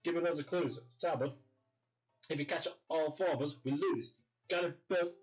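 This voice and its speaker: A man's voice: a little high, moderate pace, lo-fi sound, faint music behind, pitched above the performer's own voice, natural voice. A Yorkshire man reading as a sweary swaggering boy gang leader. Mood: cocky. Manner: crude, swearing, mock-menacing.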